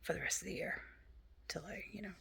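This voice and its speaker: A woman's voice: lowish voice, quick pace, gravelly. A woman vlogger chatting casually about books and telling a funny story from work, often sliding into a whisper. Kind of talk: casual chat.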